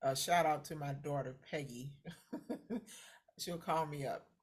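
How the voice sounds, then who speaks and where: A woman co-hosting a podcast, an animated storyteller who acts out what people said. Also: deep voice, slow, husky. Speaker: podcast co-host. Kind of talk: casual chat.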